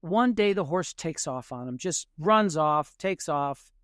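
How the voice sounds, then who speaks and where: A man's voice: on the high side, animated, a little slow, fairly bright tone, dry recording, studio quality. A man, a jazz musician and podcast guest, telling stories in a rambling way, restarting sentences and saying "you know" a lot. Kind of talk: conversational storytelling.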